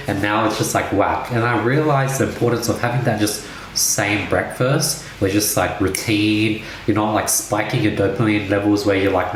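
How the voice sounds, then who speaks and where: A young man co-hosting a podcast in casual chat, thinking aloud with repeated starts. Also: on the low side. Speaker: podcast co-host. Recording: very echoey room with faint noise.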